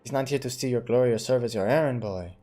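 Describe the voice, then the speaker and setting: A man's voice: medium pitch, mellow, natural voice. A man reading as a grave old count. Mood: stately. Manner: formal, measured and declaiming. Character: stately older male count, grave host.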